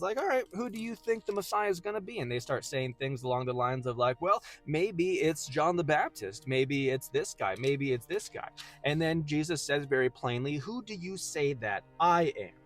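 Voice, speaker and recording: A man hosting a casual Bible teaching video, earnest and emphatic, slowing down when he reads verses aloud. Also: mid-range voice. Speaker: host.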